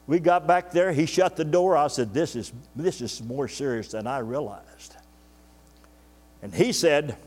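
An older man preaching, telling a personal story in a folksy way and acting out the voices of the people in it. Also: on the high side. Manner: folksy, acts out quoted dialogue. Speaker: pastor. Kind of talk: sermon storytelling. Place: church sanctuary. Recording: long church reverb.

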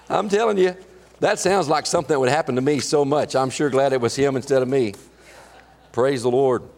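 A man preaching a sermon, telling folksy stories in a halting way with many restarts. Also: medium pitch, lively intonation, in a large hall, a little hiss or hum. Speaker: pastor. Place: church sanctuary.

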